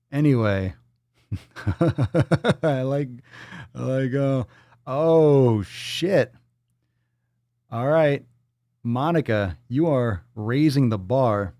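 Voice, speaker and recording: On his livestream, a man with a medium-pitched, dark voice reads out what viewers send with their donations and riffs on it with profane, improvised humour. The audio is echo-free and of studio quality.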